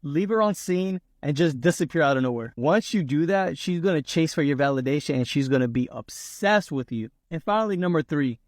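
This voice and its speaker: A man's voice: on the high side, animated, fairly quick, hardly any pauses, no echo, clean studio sound. A man giving blunt, numbered dating tips in a casual way. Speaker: dating advice speaker. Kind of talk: casual advice to camera.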